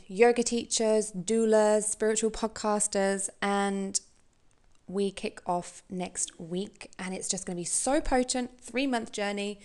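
A woman's voice: mid-range voice, clean tone. Upbeat woman podcast host, gushing. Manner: upbeat, gushing, spiritual coaching talk. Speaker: podcast host and business mentor. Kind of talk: casual solo podcast talk.

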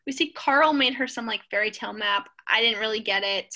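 A woman co-hosting a podcast, recapping a TV show in an opinionated, animated casual chat. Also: a little high, brisk, rough recording. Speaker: podcast co-host.

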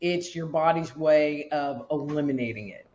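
A woman guest on a podcast who explains her practice in a relaxed way, using everyday examples. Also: deep voice, moderate pace, dull audio, slight background noise. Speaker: guest, energy healer. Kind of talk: casual interview chat.

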